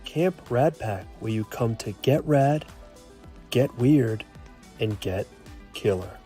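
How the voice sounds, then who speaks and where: A man voicing a sultry male camp promo announcer in a soft, seductive, whispered role-play, with a slow, smooth sales pitch. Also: animated, faint music behind.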